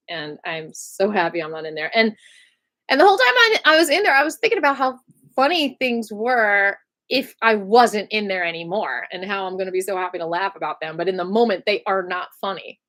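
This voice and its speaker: A woman telling a story in a casual storytime vlog, chatty and animated, laughing often and using lots of fillers. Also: mid-range voice, moderate pace. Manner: animated retelling with many fillers. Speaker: vlogger.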